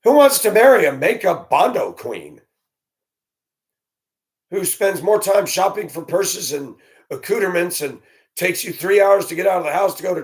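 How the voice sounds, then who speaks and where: A man vlogging alone, speaking in a blunt, indignant, ranting way. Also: high voice. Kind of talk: solo opinion monologue.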